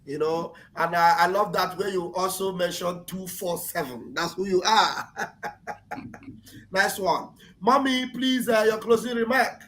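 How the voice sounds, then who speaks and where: A man hosts a live online talk show in a fairly high voice. He calls on each guest in turn and answers with warm, repeated praise. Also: measured pace. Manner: encouraging, repeats phrases. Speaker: host.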